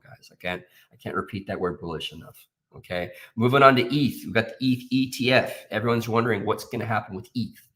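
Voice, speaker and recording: A man's voice: deep voice, a bit bright. A man walking through trading charts in casual, emphatic talk, often tagging lines with "okay?" and "guys". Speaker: options trader giving market analysis.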